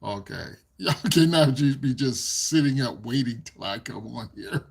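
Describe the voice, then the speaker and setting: A man talks to his livestream viewers in a husky, slightly high voice, drawing his words out slowly. He giggles between sentences and rambles, repeating phrases as he goes. His pitch swings widely as he talks into a desk microphone. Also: animated. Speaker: livestream host. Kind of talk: casual livestream chat with viewers.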